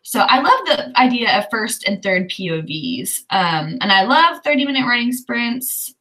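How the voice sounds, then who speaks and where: A woman's voice: fairly high pitch, very animated, measured pace, sharp tone, low-quality recording. A woman with a Southern US accent hosting a writing livestream, chatting casually and thinking aloud with lots of fillers.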